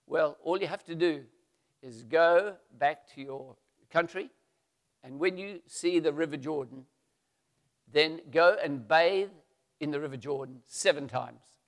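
A man voicing a calm, humble old prophet in a retold Bible story. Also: fairly high pitch, unhurried, big-room sound.

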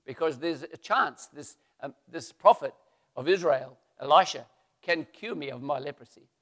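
A man's voice: on the high side, moderate pace, big-room sound. A man voicing a proud foreign general in a retold Bible story, pleading and then indignant. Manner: pleading, then loud and sulky.

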